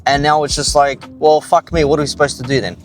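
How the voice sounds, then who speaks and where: A man's voice: fairly high pitch, steady tone, quick pace, soft background music. Angry, profane Australian man ranting. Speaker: commentator. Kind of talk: ranting commentary.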